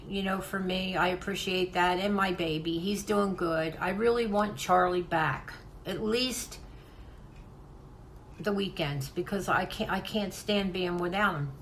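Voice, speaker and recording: A woman's voice: medium pitch, fairly bright tone, a little hiss or hum, rough recording. Older woman, heartfelt rambling vlog talk. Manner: heartfelt, rambling, with repeated restarts. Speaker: craft channel host. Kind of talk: casual vlog talk to viewers.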